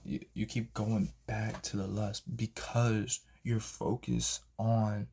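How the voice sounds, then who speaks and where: A man's voice: lowish voice, takes it slowly, vocal fry, a little hiss or hum. A young man telling a personal story in a casual vlog, acting out the people he quotes with sudden jumps in voice. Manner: animated, acts out quotes with big jumps in voice. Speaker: vlogger.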